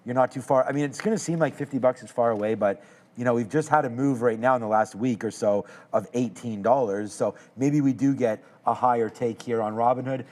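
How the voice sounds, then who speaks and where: A man's voice: medium pitch, darkish tone. Laid-back man talking stock charts. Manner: joking, teasing, then thoughtful analysis. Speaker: stock trading show host. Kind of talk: casual banter and market commentary.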